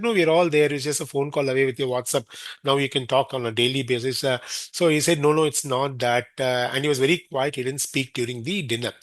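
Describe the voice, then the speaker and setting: A man's voice: medium pitch, a bit bright, no echo. A man with an Indian accent, a podcast guest telling a long anecdote, often acting out the words of the people in it. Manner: rambling anecdotes, acting out others' quoted words. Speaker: podcast guest, senior care expert. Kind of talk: storytelling in a podcast interview.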